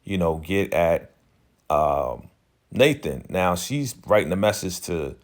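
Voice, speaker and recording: A man's voice: low voice, big pitch swings, takes it slowly. A man giving a casual, chatty recap of a TV episode, loose and full of slang and "you know" fillers. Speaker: TV recap channel host.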